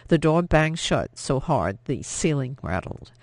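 A man reading an audiobook in scripted narration, measured and even. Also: on the high side, creaky, dry recording.

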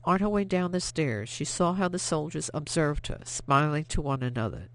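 Steady, expressive audiobook narrator. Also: mid-range voice. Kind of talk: scripted narration of a novel.

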